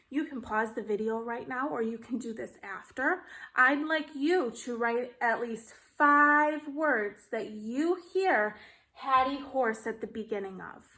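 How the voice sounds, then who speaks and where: A woman teaching a phonics lesson to kindergartners on video, speaking slowly and in a sing-song manner as she reads and spells along. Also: a little high, sharp tone. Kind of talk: video lesson for young children. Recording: echoey room.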